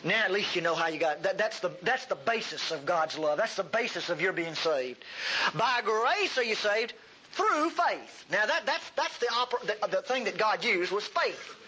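High, bright-voiced animated preacher man. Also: moderate pace, rough recording. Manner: animated, folksy, humorous, emphatic. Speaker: pastor. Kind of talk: sermon.

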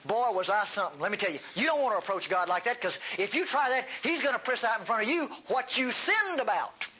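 Male pastor, high voice, lively folksy sermon delivery with humor. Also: a little fast, highs cut off, slight background noise. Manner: animated, folksy, humorous, emphatic.

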